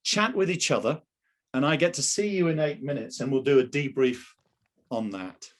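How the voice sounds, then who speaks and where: A man's voice: mid-range voice, normal speed. A man running a live online sales training session over a video call, emphatic and full of rhetorical questions.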